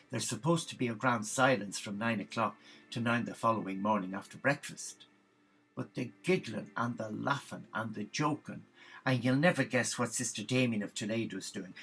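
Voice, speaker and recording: A man telling a comic story in a gossipy, animated way. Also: medium pitch, creaky, husky, low-quality recording.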